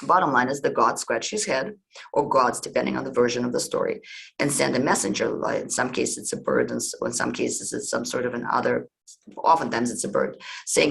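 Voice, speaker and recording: Male podcast host, gravelly voice, casual meandering storyteller. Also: mid-range voice, brisk, fairly bright tone, poor audio. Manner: conversational, meandering retelling.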